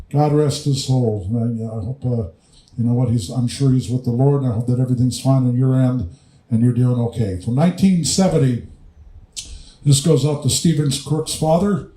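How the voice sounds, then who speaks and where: A man's voice: medium pitch, normal speed. A man hosting a live music stream, chatting casually between songs and dedicating them to viewers in a rambling way. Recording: echoey room with loud music. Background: guitar music.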